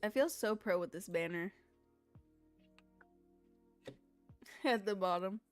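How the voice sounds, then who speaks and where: A woman's voice: mid-range voice, slow pace, faint music behind. A woman chatting casually with her viewers on a live stream, rambling from one thing to the next.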